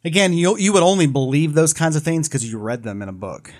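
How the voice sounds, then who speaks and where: A man in a casual discussion, retelling a story in an animated way with many fillers and restarts. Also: on the high side, fairly quick.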